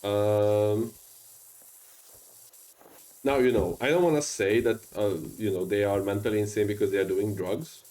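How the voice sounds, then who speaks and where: A man's voice: lowish voice, steady tone, measured pace, long pauses, dark tone, poor audio. A man with a strong non-native English accent, chatting casually and rambling with many fillers while streaming a game. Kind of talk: casual gaming stream chat.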